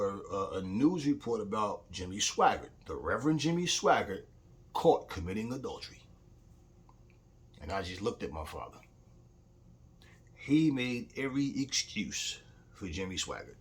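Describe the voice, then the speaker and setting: A man's voice: mid-range voice, fairly bright tone. A man talking in a casual opinion vlog as a boxing commentator, telling stories bluntly and heatedly, with frequent swearing.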